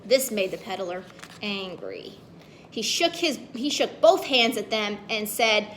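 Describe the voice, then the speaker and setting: A woman's voice: mid-range voice, expressive, unhurried, a bit bright, a little hiss or hum. A woman reading a children's story aloud, playfully asking the kids questions as she goes.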